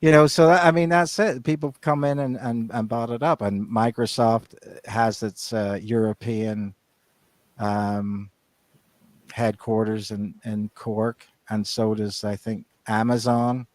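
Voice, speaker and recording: A man's voice: lowish voice, steady tone, unhurried, no echo. A man co-hosting a podcast in casual chat, rambling with many restarts and fillers. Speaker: podcast co-host.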